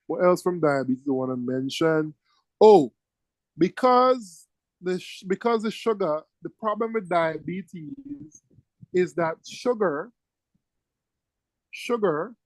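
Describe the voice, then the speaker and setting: A male teacher giving a classroom lecture, lively and teasing, firing questions at his students. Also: sits high, slow, pauses often, no room sound, rough recording.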